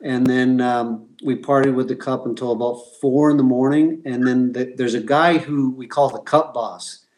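Middle-aged guy, ex hockey pro, monotone, lots of uhs and restarts, just chatting. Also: mid-range voice, rough recording. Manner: halting, many fillers and restarts. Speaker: guest, former pro hockey player. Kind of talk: relaxed interview storytelling.

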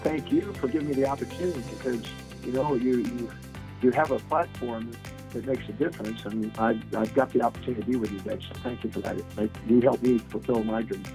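A man's voice: medium pitch, fast, vocal fry, over music, poor audio. A man telling a story as a guest on a radio interview show, acting out the voices of the people in it. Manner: animated anecdote teller, acts out quoted voices. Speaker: guest speaker.

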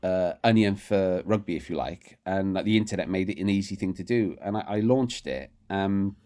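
A man telling rapid, animated anecdotes as a podcast guest, often restarting his sentences. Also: sits low. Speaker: guest, rugby writer. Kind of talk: casual storytelling interview.

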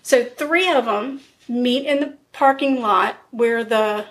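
A woman's voice: fairly high pitch, slow pace, fairly bright tone, slight background noise. Blunt woman telling a crime story. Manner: conversational, blunt, laughs often. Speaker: podcast host telling a true crime case. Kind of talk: casual storytelling.

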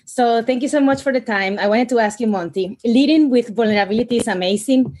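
A woman's voice: on the high side, a little fast, a little mellow. A woman from the audience effusively thanking the speakers before asking her question. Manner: effusive, grateful. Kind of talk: live online question.

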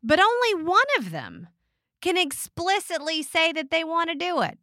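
Podcast lady talking blunt and swearing a lot, bright high voice that jumps all over, dry close mic. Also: moderate pace, no room sound. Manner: blunt and profane, argues with animated voices. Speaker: podcast co-host. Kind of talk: casual chat.

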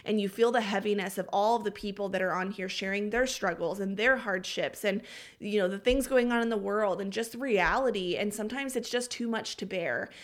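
A woman's voice: mid-range voice, fairly quick. Woman, 30s, podcast host, earnest and confessional, near tears. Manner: earnest, heartfelt, confessional, addresses listeners as y'all and friend. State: emotional, close to tears. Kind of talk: faith-based personal podcast talk.

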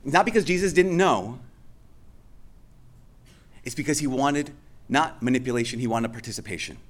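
A man's voice: medium pitch, normal speed. A male pastor preaching a sermon in a conversational way, often restarting and repeating phrases for emphasis.

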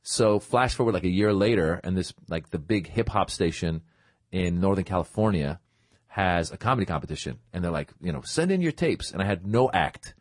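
A middle-aged comedian tells a story in a relaxed, low voice. He breaks into lively quoted thoughts as he goes. The sound is dry and close, with no room around it. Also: a little fast, no room sound. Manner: lively, acts out his own past thoughts in quotes. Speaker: comedian guest. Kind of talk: casual anecdotal storytelling.

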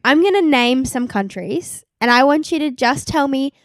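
A woman's voice: high voice, lively intonation, normal speed, dry recording, studio quality. A young Australian woman co-hosting a podcast in an easygoing, casual chat, laughing often. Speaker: podcast co-host.

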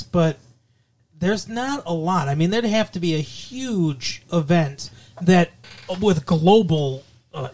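A man's voice: fairly high pitch, a little mellow. Rambling sardonic male co-host. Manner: rambling, frequent fillers and restarts, sardonic. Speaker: podcast co-host. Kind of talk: casual news chat.

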